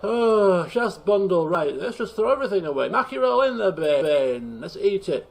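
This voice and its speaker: A man's voice: high voice, animated, moderate pace, gravelly. A man commentating a game live on stream, exasperated and self-mocking, laughing often at his own mistakes. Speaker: gaming streamer.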